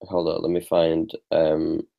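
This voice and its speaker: A man's voice: rumbling low, completely flat delivery, takes it slowly, vocal fry, phone-quality sound. A man co-hosting a casual sports podcast, talking in a profane, emphatic way. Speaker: podcast co-host.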